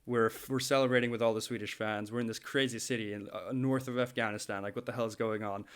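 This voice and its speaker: A young man co-hosting a casual podcast, his voice sitting at an ordinary middle pitch. He tells a long story with lively energy, laughing often and restarting his sentences. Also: fast, smooth. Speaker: podcast co-host.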